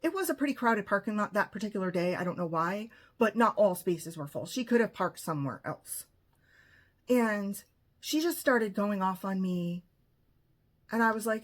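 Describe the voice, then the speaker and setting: A woman's voice: mid-range voice, lively intonation, normal speed. Emphatic woman telling a story. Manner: emphatic, indignant retelling with acted-out quotes. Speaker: vlogger. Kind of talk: personal story monologue.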